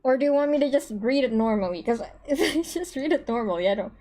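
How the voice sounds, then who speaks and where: A woman streaming a story game, chatting casually, excitable and stammering through restarts. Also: sits high, fast. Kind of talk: casual let's-play chat.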